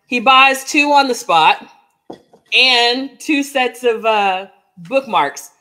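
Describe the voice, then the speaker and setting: A woman co-hosting a podcast, telling a lively personal story in casual chat and acting out the dialogue as she goes. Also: a little high, slow. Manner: animated storyteller, acts out dialogue, frequent "like" and "oh my gosh". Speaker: podcast co-host.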